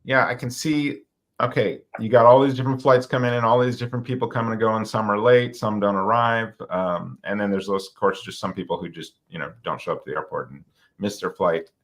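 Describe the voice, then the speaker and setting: Low-voiced man co-hosting a podcast. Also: fairly even intonation, a little fast, fairly bright tone. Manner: conversational, asks co-hosts questions. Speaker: podcast co-host. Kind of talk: casual podcast discussion.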